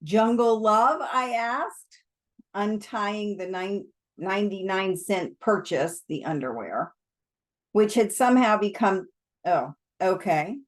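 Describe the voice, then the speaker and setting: Slow, relaxed woman reading aloud. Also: mid-range voice. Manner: relaxed, chatty asides. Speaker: storybook reader.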